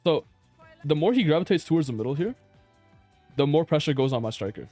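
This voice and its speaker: A man's voice: on the high side, animated, brisk, warm tone, no echo, faint music behind. A man reviewing his own match footage in casual commentary, blunt and exasperated, swearing and laughing in disbelief at mistakes.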